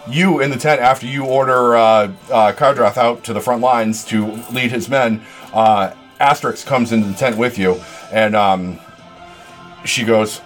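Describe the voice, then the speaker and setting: A man running a tabletop game as game master, narrating scenes with frequent pauses and chuckles. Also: fairly low pitch, faint music behind. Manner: relaxed, chuckling, frequent ums.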